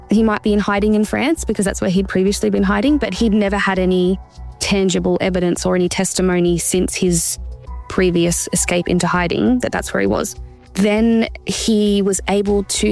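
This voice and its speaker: A woman giving earnest, measured interview answers about a hard personal experience. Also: medium pitch, creaky, darkish tone. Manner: earnest, measured, acts out quoted voices. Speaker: interview guest, survivor telling her story.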